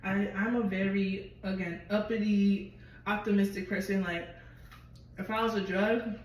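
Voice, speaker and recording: A woman vlogger telling a personal story in a chatty, expressive way and swearing freely. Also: mid-range voice, unhurried, recorded from a distance. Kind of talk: casual storytelling to camera. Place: at home. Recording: very echoey room, voice from afar, noisy.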